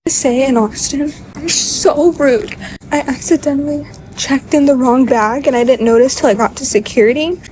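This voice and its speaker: A woman's voice: sits high, normal speed, darkish tone, slight background noise. A woman telling an upsetting story in a tearful, upset way, swearing as she goes. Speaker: vlogger. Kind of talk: casual storytelling to camera.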